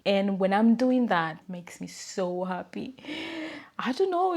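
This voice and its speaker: A young woman with a Spanish accent, a native Spanish speaker from a small tropical country, answering viewer questions in a casual, hesitant way with fillers and soft laughs. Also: mid-range voice. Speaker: vlogger. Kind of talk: casual Q&A to camera.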